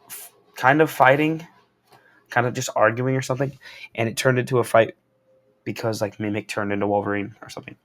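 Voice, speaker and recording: A young man recapping and reviewing a comic book in a casual, slangy, excitable way, wearing a corded mic as he moves around. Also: mid-range voice. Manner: slangy and excitable, lots of "bro" and "like". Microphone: wearing a corded mic while walking around.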